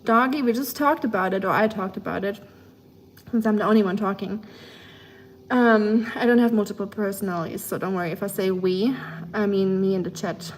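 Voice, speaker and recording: A woman's voice: medium pitch, slight background noise. A woman with a German accent chatting casually with her livestream chat, rambling along with lots of fillers.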